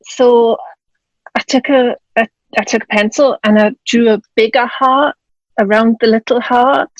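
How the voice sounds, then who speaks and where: A slightly high, steady voice at a measured pace belongs to this German woman, an author and widowed mother appearing as a podcast guest. Chatting casually from home in Scotland, she tells a personal story and acts out the quoted dialogue, in lo-fi audio with no room sound.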